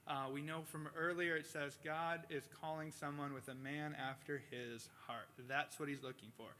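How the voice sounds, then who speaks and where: A male pastor giving a casual sermon, reading scripture and telling stories with animated impressions. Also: a little high, slight background noise. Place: church sanctuary.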